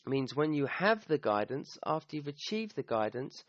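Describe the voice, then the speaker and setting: A man's voice: a little high, very animated, normal speed, no echo, dull audio. A man teaching the meaning of a Quran verse, thinking aloud with restarts and often checking in with "okay?". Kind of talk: recorded talk explaining a verse.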